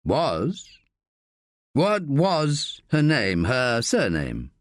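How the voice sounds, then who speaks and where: A man's voice: mid-range voice, wildly swooping pitch, extremely slow, dry recording, clean studio sound, full character voice. A man voicing a terse, level police inspector. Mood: probing.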